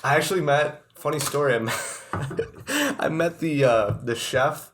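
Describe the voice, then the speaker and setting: A man's voice: on the high side, expressive, unhurried, a bit bright, slight background noise. Laid-back young man chatting. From Cleveland, Ohio. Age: young adult. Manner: laid-back, slangy, laughs often. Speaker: guest. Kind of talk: casual chat.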